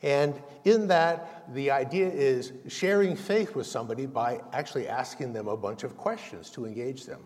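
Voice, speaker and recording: A man's voice: mid-range voice, moderate pace, hardly any pauses, a little mellow. Man preaching in an echoing hall. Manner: folksy storytelling, self-deprecating humor. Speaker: lay preacher giving a message. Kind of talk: conversational sermon. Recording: long reverb of a large hall.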